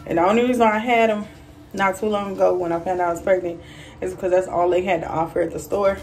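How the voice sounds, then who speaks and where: Chatty vlogging mom, slightly off-mic. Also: female voice, fairly low pitch, quick pace, far from the mic, poor audio. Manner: chatty, animated quoted voices, many fillers. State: out of breath. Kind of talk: casual chat to camera. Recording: voice a little off-mic, faint music.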